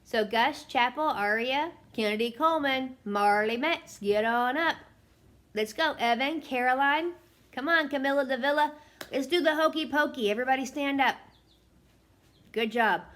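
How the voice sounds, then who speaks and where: A woman with a high voice briskly coaxes little children to get up and join in. She leads a movement song like a preschool teacher. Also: a bit bright.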